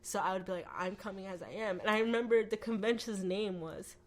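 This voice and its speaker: A woman telling her personal faith testimony as a podcast guest, animated, acting out quoted voices, with lots of "like" and "you know.". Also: mid-range voice, a little fast. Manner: frequent "like" and "you know" fillers.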